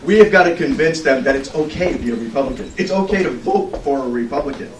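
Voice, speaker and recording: A middle-aged man gives a folksy, storytelling political speech at a fundraiser in an indoor event room. His fairly high voice is animated and quick, recorded with a distant mic in an echoey room with background noise.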